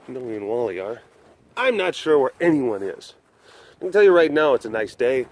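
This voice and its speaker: A man filming a casual walking vlog outdoors at an animal compound, talking softly and cooing to the big cats. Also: medium pitch, very animated, normal speed. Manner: soft baby talk to big cats. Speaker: animal keeper vlogger. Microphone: camera mic with windscreen.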